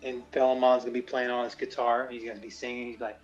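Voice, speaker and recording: A man's voice: medium pitch, little pitch movement, fast. A man in casual chat who laughs often and mocks people in sung parodies. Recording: muffled lo-fi with faint music.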